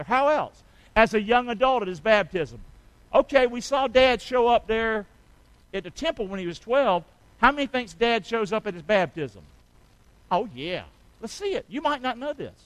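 Middle-aged male pastor, high bright voice, call-and-response preaching with amens. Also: dry recording, rough recording. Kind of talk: sermon.

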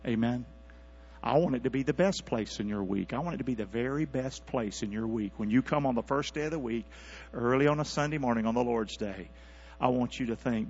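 A man preaching a sermon as pastor, calling out for responses from his congregation and swinging from quiet asides to loud, high-pitched exhortation. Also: brisk, husky. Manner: calls for congregation responses, animated rising delivery. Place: church sanctuary. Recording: dull lo-fi church recording with mains hum.

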